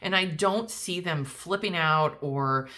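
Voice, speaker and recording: Woman tarot reader, low-pitched, casual and reassuring, lots of ums and restarts. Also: slow, bright, forceful tone. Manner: chatty, many fillers and restarts; reassuring, speaks directly to viewer. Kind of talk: casual pick-a-card reading.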